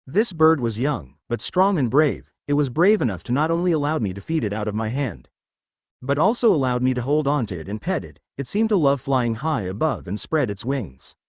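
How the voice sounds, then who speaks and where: Guy reading sly young ninja dude, taunting and mock friendly, bouncy pitch, dry audio. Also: very animated, moderate pace, no echo, lo-fi sound. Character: smug scheming young male ninja.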